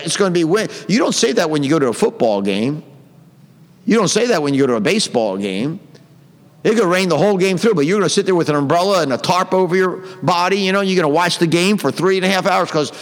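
A man delivers a sermon, his fairly high voice carrying through a hall with long reverb. He reads King James scripture aloud, then breaks off to drive the point home with emphatic commentary. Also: expressive, fairly quick. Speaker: preacher.

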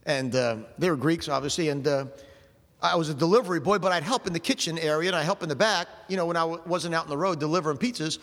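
A man's voice: fairly high pitch, fast talker, a bit bright, long reverb tail. A man from South Jersey preaching in a folksy, rambling storytelling way, dropping "amen" between anecdotes. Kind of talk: storytelling sermon.

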